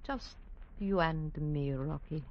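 A woman's voice: low-pitched, slow pace. An actress playing a cold, ruthless female gang boss in a 1940s radio drama, cool and commanding. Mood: menacing. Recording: dull lo-fi old radio broadcast.

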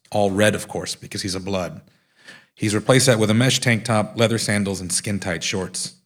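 A man reading aloud from his own memoir, acting out the dialogue in lively voices. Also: fairly low pitch. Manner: acts out quoted speech with lively voices. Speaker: author reading from his book. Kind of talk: live reading of a nonfiction memoir.

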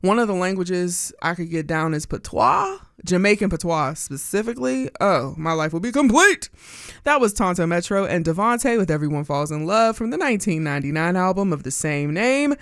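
A woman from Pennsylvania hosting a radio music show, chatty and bubbly, her pitch and pace jumping around as she talks. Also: very animated, normal speed, no echo. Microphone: studio mic. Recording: dry studio sound.

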